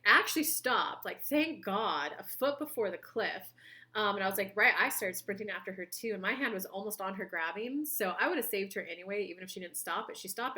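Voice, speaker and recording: A woman's voice: medium pitch, bright, forceful tone. Chatty woman giving a tarot reading. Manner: chatty, storytelling, acts out quoted voices. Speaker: tarot reader and spiritual coach. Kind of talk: casual monthly tarot reading with personal stories.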